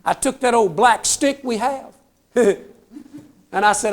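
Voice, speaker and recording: A man's voice: very high-pitched, slow pace. An older man telling comic stories on stage in a folksy, self-mocking way, often calling the crowd "folks". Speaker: comedian telling trooper stories. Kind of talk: stand-up storytelling.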